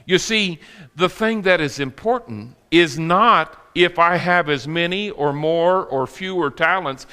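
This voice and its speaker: Bright-voiced folksy preacher man. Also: on the high side, smooth, big-room sound. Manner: folksy storytelling with humor. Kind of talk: sermon. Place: church sanctuary.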